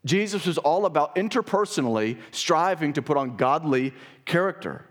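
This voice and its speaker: A man preaching a sermon to his congregation, earnest and emphatic, often clearing his throat. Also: fairly high pitch, lively intonation, moderate pace. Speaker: pastor. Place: church sanctuary.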